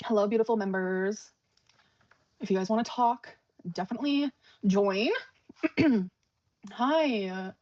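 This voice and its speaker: A woman's voice: medium pitch, slow, pauses often, a little mellow, dry recording, muffled recording. A woman hosting a casual live stream, greeting viewers and chatting with frequent fillers.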